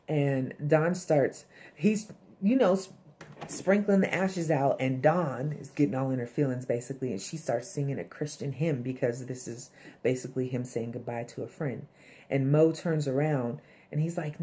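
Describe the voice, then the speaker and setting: Low, mellow-voiced woman recapping a show. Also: moderate pace. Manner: chatty, blunt, swears, acts out characters' lines. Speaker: TV episode reviewer. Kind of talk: casual episode recap.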